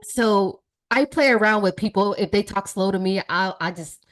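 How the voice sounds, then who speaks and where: A woman's voice: mid-range voice, normal speed, fairly bright tone. A woman from the United States, a podcast guest, chatting in a playful way and laughing easily. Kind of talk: casual podcast chat.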